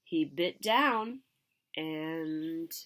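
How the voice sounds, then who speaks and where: A woman reading a picture book aloud to children in an expressive, animated way. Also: low voice, drawn-out words. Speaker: story reader.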